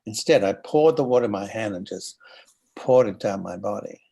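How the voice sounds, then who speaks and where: An older Australian man telling animated anecdotes as an interview guest, acting out the voices of people he quotes. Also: on the low side, normal speed, creaky, husky. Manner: animated storyteller who acts out quoted voices. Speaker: guest actor.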